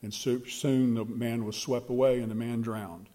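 A man preaching a sermon and telling a story with slow, emphatic delivery. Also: medium pitch, little pitch movement, mellow.

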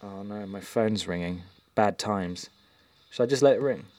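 A man's voice: fairly low pitch, moderate pace, a little mellow, no echo. A man co-hosting a podcast in casual chat, rambling and hesitant with lots of um and uh. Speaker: podcast co-host.

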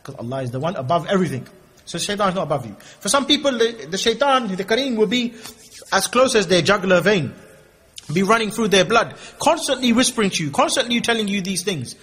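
Casting: male preacher, husky, conversational with humor. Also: high-pitched, sing-song, fast, fairly bright tone. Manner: humorous, conversational, acts out asides. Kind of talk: casual Islamic lecture.

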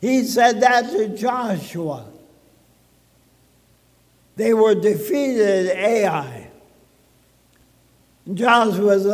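A male pastor's high, light voice rings through the church sanctuary with long reverb as he gives an animated sermon. He takes his time with each phrase, preaching deliberately and slowly with dramatic pauses.

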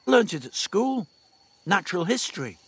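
A man's voice: high-pitched, sing-song, normal speed, breathy edge, pitched above the performer's own voice, exaggerated voice. A man voicing a defiant, know-it-all teenage girl in an audiobook. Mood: scornful. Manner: cocky, scornful, know-it-all. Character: defiant cheeky teenage girl time traveller. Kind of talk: audiobook dialogue.

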